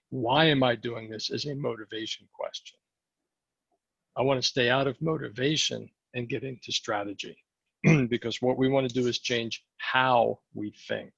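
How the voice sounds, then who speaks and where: Gravelly man coaching with a hoarse voice. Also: medium pitch, a bit bright, dry recording, muffled recording. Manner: coaching, asks the group questions. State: losing his voice, clearing throat. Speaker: sales mindset coach. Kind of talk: training session talk.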